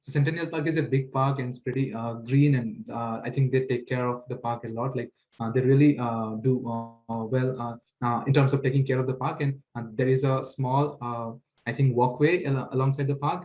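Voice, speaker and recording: A man chatting as a guest on an online panel, hesitant with lots of fillers and soft laughs. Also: medium pitch, fairly even intonation, fast talker, low-quality recording. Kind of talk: casual chat.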